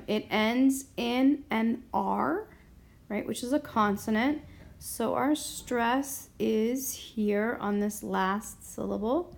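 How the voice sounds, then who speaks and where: Slow, patient woman teaching grammar. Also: on the high side, gravelly. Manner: patient, explains step by step, often asks "okay?". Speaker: Spanish teacher. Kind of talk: whiteboard grammar lesson.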